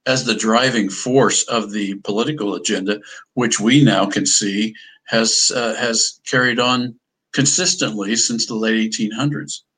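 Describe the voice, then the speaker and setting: A man with a husky, low voice in a podcast conversation. He speaks earnestly and often restarts his sentences. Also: steady tone, a little slow, a bit bright, low-quality recording.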